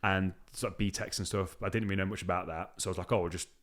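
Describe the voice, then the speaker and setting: A man in his thirties, a podcast host, telling his own story in a candid conversation with rapid, emphatic delivery and many restarts. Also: sits low, steady tone, fairly bright tone.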